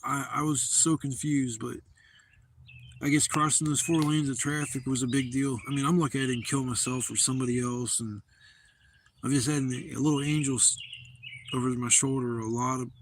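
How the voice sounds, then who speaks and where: A man's voice: medium pitch, fairly even intonation, moderate pace. Man, livestream host, rambling profane storytelling, mid-range voice, outdoors with faint background noise. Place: outdoor campsite.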